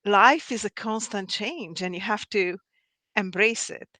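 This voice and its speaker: A woman hosting a live video conversation, speaking earnestly with halting restarts and reading a poem of her own aloud. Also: mid-range voice, pushed and bright, no echo. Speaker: host of a live video talk. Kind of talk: casual spiritual conversation.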